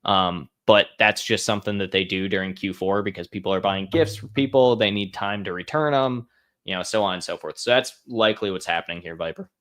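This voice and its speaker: A man's voice: fairly low pitch, fairly quick, a bit bright. A young man hosting a live question-and-answer stream, talking offhand with lots of fillers and restarts. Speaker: host answering viewer questions. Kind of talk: casual live Q&A.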